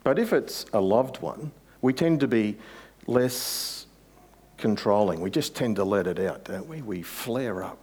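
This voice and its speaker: A man's voice: on the low side, lively intonation, measured pace, a little mellow, slightly rough. A man preaching a sermon as pastor, conversational, with rhetorical questions and rising emphasis.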